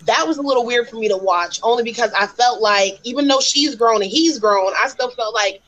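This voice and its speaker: A woman's voice: fairly high pitch, brisk, fairly bright tone, low-quality recording. A woman co-hosting a podcast, talking bluntly and opinionated in casual chat, full of profanity. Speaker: podcast co-host.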